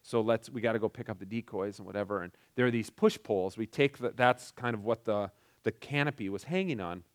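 A middle-aged man telling a personal story in a casual, halting way, with frequent restarts and filler words. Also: on the low side.

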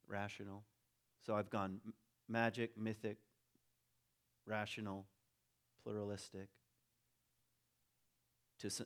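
A man giving a reflective talk in a casual, musing way, with frequent ums and dry humor. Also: mid-range voice.

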